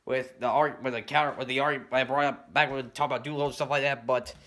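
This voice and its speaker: A man delivering a rambling commentary rant, filling his points with "you know" and "stuff like that" and often clearing his throat. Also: medium pitch, steady tone, fast talker, bright, forceful tone. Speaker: commentary YouTuber.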